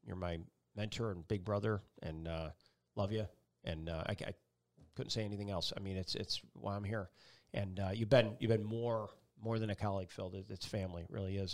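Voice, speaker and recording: Middle-aged male guest, storyteller, animated delivery, voices the people in his anecdotes. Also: deep voice, brisk. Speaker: chief meteorologist, guest. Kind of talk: personal storytelling in an interview.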